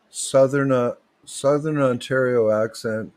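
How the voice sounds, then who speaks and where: A man hosts a livestream, rambling from one topic to the next. His talk is loose and joking, with plenty of restarts. He speaks at a medium pitch into a desk mic. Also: expressive, measured pace. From Canada. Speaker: livestream host.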